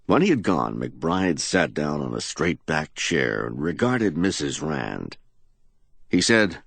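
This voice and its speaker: Brief: male crime-audiobook narrator, low and husky, dry close mic. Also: sing-song, slow, fairly bright tone, dry recording. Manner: hard-boiled crime fiction delivery, voices characters. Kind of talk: dramatic audiobook reading.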